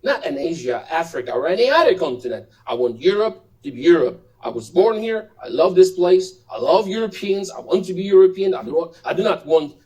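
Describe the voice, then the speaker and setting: A man's voice: high voice, lively intonation, brisk, hardly any pauses, darkish tone, husky, rough recording. A man, an English speaker and politician, speaking insistently in an interview with repeated emphatic statements. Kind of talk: interview clip.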